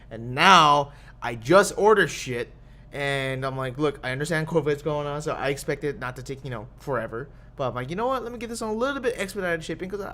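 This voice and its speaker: A man's voice: a little high, fairly bright tone. A man co-hosting a podcast, ranting in a heated, profane way. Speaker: podcast co-host. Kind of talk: casual chat.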